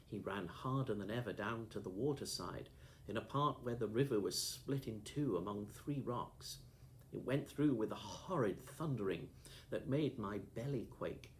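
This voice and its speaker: A man reading a classic novel aloud as an audiobook, in a steady, measured first-person storytelling manner. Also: on the low side, slight background noise. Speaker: audiobook narrator.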